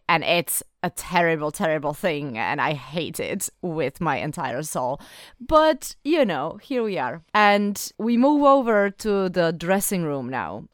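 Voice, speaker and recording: A woman co-hosting a casual fan podcast, talking in a lively, opinionated way. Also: clean tone, dry recording, clean studio sound. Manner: lively, opinionated, quick shifts in pitch. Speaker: podcast co-host.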